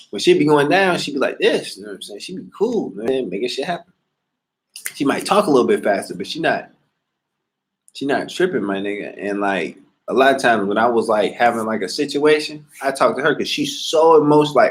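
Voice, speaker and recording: A man in a casual monologue, talking in a slangy, profane, animated way. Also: mid-range voice.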